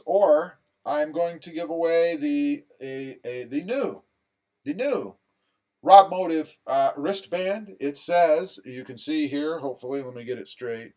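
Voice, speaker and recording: A man's voice: a little high, darkish tone. Laid-back man reading livestream chat. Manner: easygoing, joking, reads viewer comments aloud. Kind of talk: casual live chat.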